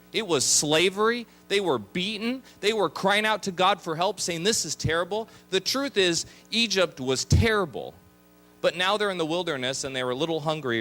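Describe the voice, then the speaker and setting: Animated male pastor preaching in a chapel. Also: fairly high pitch. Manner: animated, acts out grumbling voices. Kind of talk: sermon.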